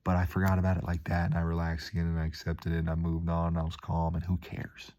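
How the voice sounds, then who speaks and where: Laid-back deep-voiced man rambling casually. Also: completely flat delivery, quick pace, a little mellow. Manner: laid-back, calls the listener dude and man, mimics angry voices in stories.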